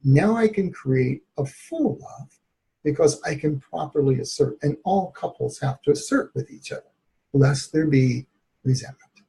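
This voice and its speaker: A man's voice: a little high, animated, a little slow, creaky, mellow. A man, a therapist, telling a candid personal story in an interview, reflective and laughing at times. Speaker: therapist guest.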